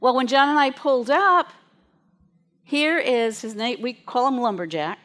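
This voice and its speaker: A woman minister giving a sermon to her congregation. She tells stories in a chatty, lively way and laughs as she goes. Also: high-pitched, unhurried.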